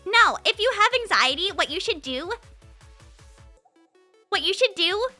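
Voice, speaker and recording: Energetic bright-voiced woman streamer. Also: extremely high pitch, a little slow, soft background music. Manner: energetic, animated, rambling with restarts. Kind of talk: casual live-stream chat. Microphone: studio mic with compressor.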